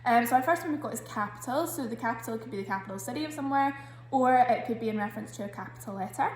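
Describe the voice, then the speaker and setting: In this children's spelling lesson, a woman with a Scottish accent, a primary teacher, takes each word patiently and says its sounds with slow care. She speaks a little high and animated, in a reverberant space with a faint hiss or hum.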